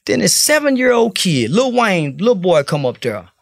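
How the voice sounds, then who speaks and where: A man talks in a blunt, profane street style, preaching his point. His voice sits high for a man and has a gravelly edge. The recording is close and dry. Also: very animated, normal speed, no room sound. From Fort Worth, Texas. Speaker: interview guest. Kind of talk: casual interview talk.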